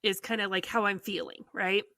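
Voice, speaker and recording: A woman from the United States, hosting a podcast and telling a story in a casual, animated, exasperated way with many "like"s. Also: mid-range voice, brisk, no room sound, clean studio sound. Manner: animated storytelling, heavy use of "like". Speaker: podcast host. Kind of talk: casual chat.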